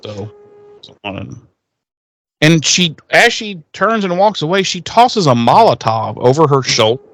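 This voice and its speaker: A man's voice: fairly high pitch, very animated, unhurried, no room sound. A man co-hosting a podcast, casually recapping an episode and acting out the characters' lines in a raised, swearing voice. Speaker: podcast co-host.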